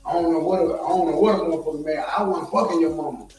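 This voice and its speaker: A man's voice: fairly high pitch, rapid-fire, darkish tone, far from the mic. A man with a Southern US accent ranting on a live stream, profane and heated, repeating himself as he goes. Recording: echoey room, from off mic, faint music.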